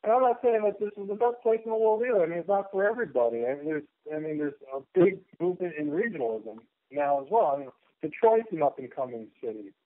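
A man on a phone-quality line chats as a radio guest, rambling and cracking jokes as he spins stories. His voice sits a little high for a man and comes through thin and boxy, as if over a telephone. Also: animated, fast talker, no room sound. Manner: rambling, joking, storytelling. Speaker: guest artist. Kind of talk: casual radio chat.

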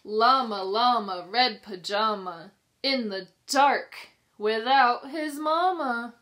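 A woman pre-K teacher reading a picture book aloud to young children, sing-song and expressive, pausing to ask them questions. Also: a little high. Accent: New York. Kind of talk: children's storybook read-aloud.

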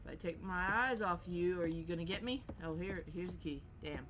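A woman playing a horror game who curses, shouts and laughs at jumpscares and taunts the monster. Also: fairly low pitch, brisk, background noise. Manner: taunts the game character mockingly. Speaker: gameplay streamer. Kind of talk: let's play commentary. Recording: faint game music behind.

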